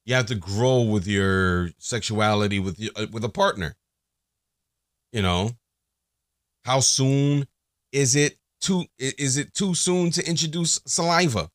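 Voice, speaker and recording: A man's voice: mid-range voice, measured pace, no room sound, clean studio sound. A man hosting a casual solo podcast, crude and joking, rambling with lots of fillers and restarts. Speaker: podcast host.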